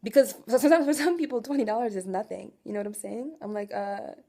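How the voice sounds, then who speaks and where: A woman in her twenties venting in an emotional confessional rant, raw and profane, swinging from quiet weariness to loud exasperation and asking again and again whether you follow her. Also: fairly high pitch, expressive, fast talker, vocal fry. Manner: raw, profane, keeps asking "do you know what I'm saying". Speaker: vlogger.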